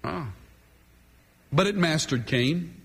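A man's voice: fairly high pitch, lively intonation, slow, creaky, a bit bright, slightly rough. A man preaching a sermon from the pulpit, emphatic and dramatic, leaning hard on key words. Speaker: pastor. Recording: long hall reverb.

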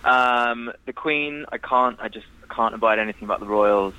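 A man's voice: mid-range voice, normal speed, bright, forceful tone, rough recording. A man as a podcast guest, chatting casually, laughing and playfully ranting with the odd swear. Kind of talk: casual chat.

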